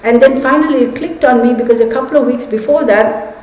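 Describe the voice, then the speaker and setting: A woman hosting a livestream, telling a personal story in an animated, chatty way and speaking straight to her viewers. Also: on the high side, fast talker. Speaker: tarot channel host. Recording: echoey room with long reverb.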